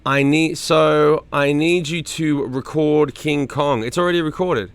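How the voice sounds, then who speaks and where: A middle-aged man streams from home, loosely chatting with viewers by name, reading their comments, and cursing freely. He speaks a little slowly in a smooth, higher voice, with no room sound.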